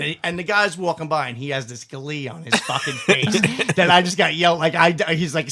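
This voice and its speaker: Middle-aged male podcast host, higher voice, profane and animated storyteller who laughs a lot. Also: moderate pace. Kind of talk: casual storytelling chat.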